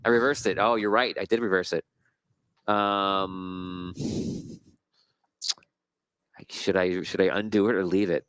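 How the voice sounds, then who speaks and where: A man's voice: low-pitched, steady tone, measured pace, long pauses, a bit bright, clean tone, no echo. A man as game master narrating a tabletop game in a rambling, good-humored way, often correcting himself.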